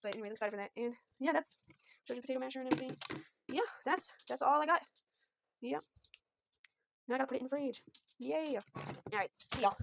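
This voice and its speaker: A woman's voice: high voice, fast talker, vocal fry, pauses often, background noise. A woman rambling casually through a shopping haul at home, filming on a phone. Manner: rambling, chatty, self-deprecating, southern y'all. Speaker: vlogger showing a shopping haul. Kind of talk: casual chat.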